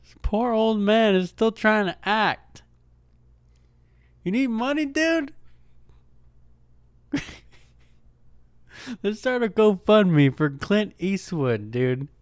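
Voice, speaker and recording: Slow, laid-back young man hosting a podcast. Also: sits high, big pitch swings, clean tone, no echo, studio quality. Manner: laid-back, rambling, frequent "dude" and "man"; swearing, joking, chuckling. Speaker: podcast host. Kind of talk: casual solo podcast chat.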